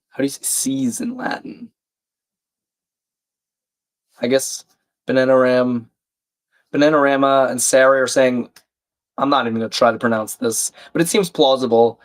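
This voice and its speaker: Man, croaky, under the weather, chatty stream host reading out chat, mid-pitched. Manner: chatty, reads chat aloud, self-deprecating. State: croaky, a bit sick. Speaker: livestream crossword host. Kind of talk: casual live-stream chat.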